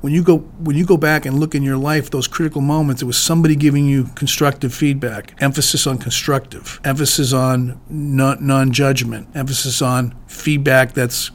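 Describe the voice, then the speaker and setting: A man's voice: mid-range voice, flat delivery, normal speed, hardly any pauses. A man hosting a solo talk on leadership, speaking in an earnest, conversational way with frequent restarts. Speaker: podcast host.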